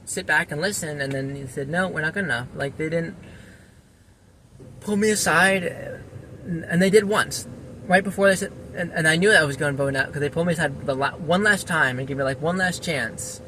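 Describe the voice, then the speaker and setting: Frustrated man with a bright, high voice. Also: a little fast, a little hiss or hum. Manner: frustrated, rambling with frequent restarts. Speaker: former volunteer firefighter and EMT. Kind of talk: casual personal vlog monologue.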